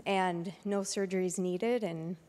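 A woman's voice: lowish voice, steady tone, slow pace, a little mellow, in a large hall. A woman telling her own story to a church congregation, unscripted and hesitant. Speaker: church member sharing a testimony. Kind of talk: personal testimony to a congregation.

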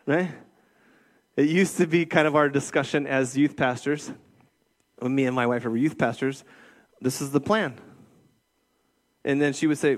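A man's voice: medium pitch, normal speed, long pauses. A middle-aged man preaching a casual sermon as a youth ministry director, checking in with listeners with frequent "okay?" and "right?". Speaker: youth pastor.

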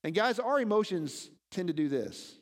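A man preaching a sermon as pastor, animated and often asking his listeners questions. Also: sits high, moderate pace, big-room sound. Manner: animated, asks the congregation questions.

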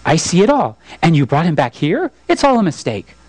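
A man's voice: fairly high pitch, wildly swooping pitch, brisk, darkish tone, no echo, voice pushed up. A man voicing a kindly old bishop while reading a story aloud in a sermon, in a mild, patient way.

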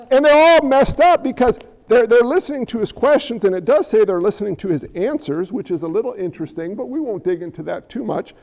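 A man preaching a sermon as pastor in an animated, conversational way with jokey asides. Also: high voice, vocal fry, in a large hall.

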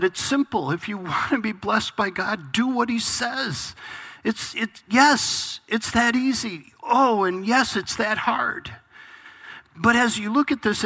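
Earnest man preaching a bright sermon. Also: a little high, husky. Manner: earnest, conversational preaching with many restarts. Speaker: pastor.

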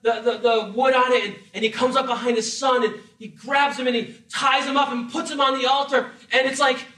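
A high, bright-voiced man preaching a sermon, lively and humorous, slipping into acted voices as he tells the story. He sounds a little off the mic, and the room around him echoes. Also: a little fast, distant mic. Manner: animated, acts out voices with humor. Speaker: pastor.

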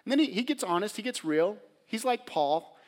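A man's voice: high-pitched, animated, moderate pace. A man preaching a sermon, dramatic, acting out biblical voices and dropping to a near whisper at tender moments. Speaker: pastor.

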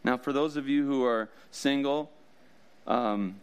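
Joking casual pastor, smooth voice. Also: male voice, mid-range voice, measured pace. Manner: casual, joking, laughs often. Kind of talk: sermon.

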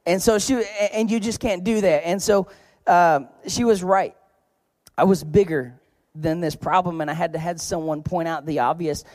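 A man with a fairly high voice preaches a sermon in a loose, conversational style. He tells stories with humor and hits certain words with sudden loud emphasis. The sound is close and dry. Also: no room sound. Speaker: pastor. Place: church.

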